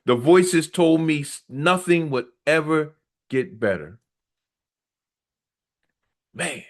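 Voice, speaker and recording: A man's voice: a little high, animated, takes it slowly. A middle-aged man reads his own memoir aloud and breaks off to preach on it. He speaks with earnest, repetitive, preacher-like emphasis. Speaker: author reading his memoir.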